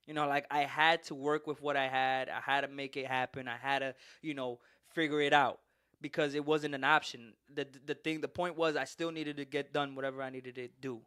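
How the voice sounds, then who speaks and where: A man's voice: medium pitch, a little fast, smooth, no echo, studio quality. A man hosting a podcast, telling a long story in casual, profane chat and laughing as he goes. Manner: animated, profane, laughs through his story. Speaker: podcast host.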